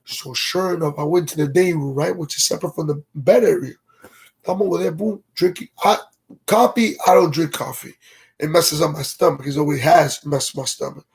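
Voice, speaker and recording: A man spins a long, rambling story on a casual livestream. His voice sits high and sounds a little husky. He talks loosely in slang and keeps asking his audience whether they follow him. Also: moderate pace. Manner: greets viewers from live comments mid-story.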